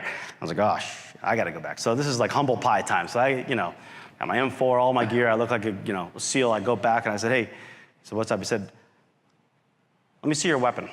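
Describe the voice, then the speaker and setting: A man giving a motivational talk as a keynote speaker, telling a story with animated energy and acting out quoted lines. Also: mid-range voice. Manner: animated storyteller who acts out quotes and shouts. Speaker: keynote speaker, company founder. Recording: long reverb of a large hall.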